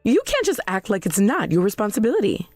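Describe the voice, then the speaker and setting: A woman voicing a self-righteous middle-aged mother in a scripted drama, shrill, demanding and defensive. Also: huge pitch swings, fast talker, darkish tone, dry recording, soft background music. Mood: outraged.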